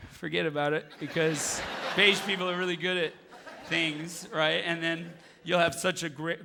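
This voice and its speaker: A man doing an excitable, profane stand-up set on a large theatre stage, riffing on the crowd. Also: a little high. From Canada. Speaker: stand-up comedian. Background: audience laughter.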